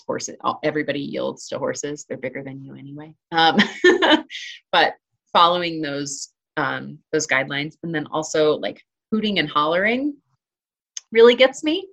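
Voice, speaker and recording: A woman's voice: deep voice, vocal fry, a bit bright. A woman talking casually in an interview about hiking and trail running, chatty, with many fillers and restarts. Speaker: interview guest, hiker and trail runner.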